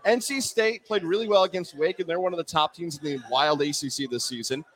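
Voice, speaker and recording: A man's voice: a little high, fast talker, a crowd in the background. A man co-hosting a casual sports talk show, recapping a game play by play with feeling. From Central New York. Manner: animated, rattles off game plays.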